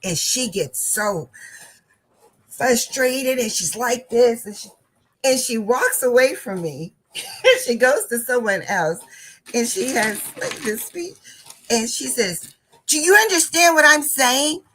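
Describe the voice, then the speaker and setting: A woman's voice: fairly high pitch, expressive, slow pace, pauses often, slight background noise, low-quality recording. A woman hosting a crafting channel, telling a casual story and often laughing while she talks.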